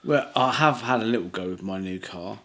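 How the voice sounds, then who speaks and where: A man's voice: fairly low pitch, a little fast, fairly bright tone. A man, co-hosting a hobby channel in laid-back, jokey chat with his friend. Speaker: channel co-host. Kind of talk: casual chat.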